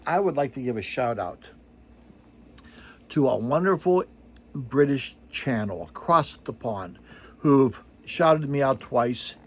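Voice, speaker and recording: Older man, husky voice, casual rambling chat, self-deprecating, lots of uh fillers, mid-pitched. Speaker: vinyl record channel host. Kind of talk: casual chat to camera about records.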